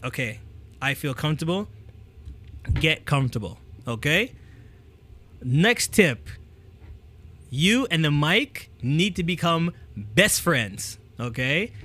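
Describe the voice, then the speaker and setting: A man with a fairly high voice speaks slowly, leaving long pauses, as he hosts a talk and gives casual speaking tips into a handheld mic. He's energetic and keeps checking in with "okay?", moving the microphone near and away to demonstrate. It's a casual coaching talk delivered to camera.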